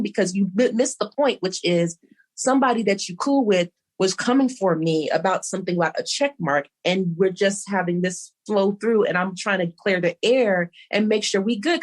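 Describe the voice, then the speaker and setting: A woman's voice: medium pitch, fairly quick. A middle-aged woman co-hosting a podcast, telling a long rambling story and quoting back and forth. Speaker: podcast co-host. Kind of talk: casual podcast chat.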